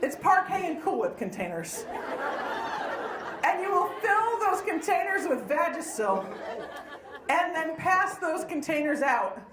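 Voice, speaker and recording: A woman performing a stand-up comedy set, exuberant and shouting her punchlines. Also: very high-pitched, big pitch swings, measured pace, pauses often. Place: comedy night in a live venue with audience. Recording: echoey room, crowd laughter and noise.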